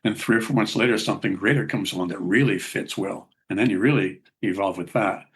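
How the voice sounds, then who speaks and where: A man's voice: lowish voice, fast, husky. An older man, a musician guest in an interview, telling rambling anecdotes with a chuckle. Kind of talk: casual interview storytelling.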